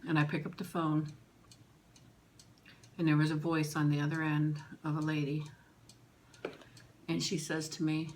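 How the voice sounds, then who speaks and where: A middle-aged woman vlogger telling a personal story in an emotional, halting way, with pauses and restarts. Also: low voice, flat delivery, a little hiss or hum.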